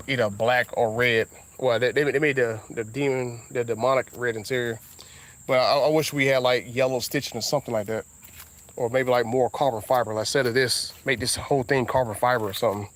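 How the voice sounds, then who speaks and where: A man with a Southern US accent rambling casually as a car vlogger outdoors, drawing out his words and breaking into sudden high exclamations. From Southern United States. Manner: laid-back, drawn-out talk with sudden high exclamations.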